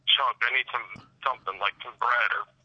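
A laid-back man talks on a thin, tinny phone line. His voice is very bright and completely dry, and he mumbles as he eats. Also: mid-range voice, fairly even intonation, a little fast, breathy edge, dry recording. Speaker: phone guest. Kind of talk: casual phone chat.

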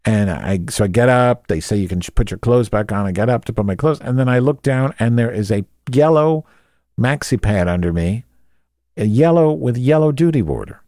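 A man's voice: medium pitch, animated, normal speed, warm tone, dry recording, studio quality. A man telling a rambling comic story, crude and sarcastic, often going off on tangents.

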